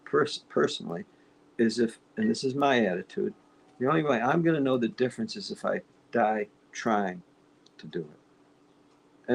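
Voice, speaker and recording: Gravelly-voiced male host, emphatic. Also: mid-range voice, slight background noise, rough recording. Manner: supportive, emphatic, repetitive. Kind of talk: casual conversation.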